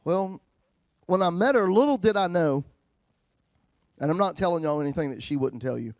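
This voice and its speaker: A pastor in his pulpit, a man with a fairly high voice, spins a folksy story for his congregation. He teases the room with jokes and swings from loud to hushed. The sound is close and dry. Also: lively intonation, moderate pace, no room sound. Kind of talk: storytelling sermon.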